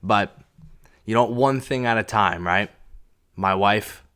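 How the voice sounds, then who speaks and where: A man's voice: fairly low pitch, slow pace, a bit bright, clean tone. Rambling man hosting a podcast. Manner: rambling, self-deprecating, lots of fillers and restarts. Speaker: podcast host. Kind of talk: solo casual podcast chat. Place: echoey home room, on a couch. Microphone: podcast mic with pop filter.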